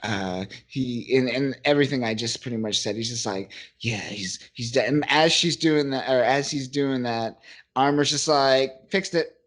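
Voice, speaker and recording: A man's voice: medium pitch, moderate pace, a bit bright. A man co-hosting a podcast, casually recapping a comic in a rambling, profane way and quoting the characters as he goes. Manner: rambling, profane, recaps scenes with quoted voices. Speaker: podcast co-host. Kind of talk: casual comic book chat.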